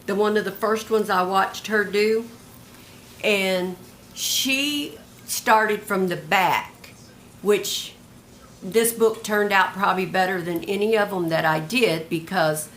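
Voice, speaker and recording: A woman's voice: mid-range voice, slow, fairly bright tone, a little hiss or hum. An older retired woman showing off a handmade journal in a homey, chatty show-and-tell, describing each piece one by one. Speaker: craft vlogger.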